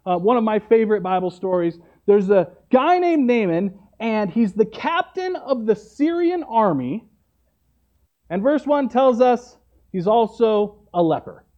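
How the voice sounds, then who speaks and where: A man's voice: sits high, very animated, a little slow, lo-fi sound. A man preaching a sermon, retelling a story in a conversational way and often checking in with "right?".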